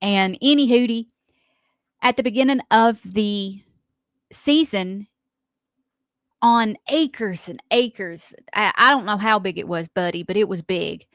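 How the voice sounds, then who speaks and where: A woman's voice: medium pitch, takes it slowly, fairly bright tone, dry recording, clean studio sound. A woman with a Southern American accent co-hosting a morning radio show, telling stories in a chatty way and laughing often. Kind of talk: casual radio banter.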